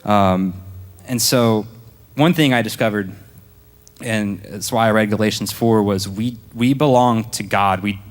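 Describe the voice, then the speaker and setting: Young man with drawl, low-voiced. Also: unhurried, long reverb tail. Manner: casual, storytelling, acts out his past self. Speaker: church speaker giving testimony. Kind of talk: personal testimony to a congregation. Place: church.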